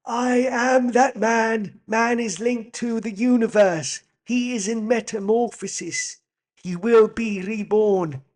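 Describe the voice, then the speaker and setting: A man doing a slow, solemn impression of an older German man with a put-on German accent. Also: very high-pitched, steady tone, pitched above the performer's own voice. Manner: slow, grave, portentous delivery.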